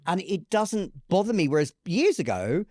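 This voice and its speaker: A man's voice: sits high, very animated, warm tone, dry recording, clean studio sound. A middle-aged man, a guest in a casual conversation, telling stories emphatically and swearing freely. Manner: emphatic, swears, quick storytelling.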